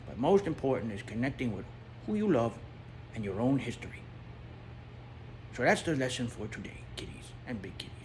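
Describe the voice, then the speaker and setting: A man's voice: medium pitch, very animated, a little fast, long pauses, a little mellow, natural voice. A talkative male toy pup spins a comic story, as a man puts him on. His voice swoops up and down, full of repeated words and chuckles, and there is a faint hum of room ambience behind. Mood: chatty. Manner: rambling, repeats words, laughs at own jokes. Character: chatty male toy dog, jokey and rambling. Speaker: storyteller host.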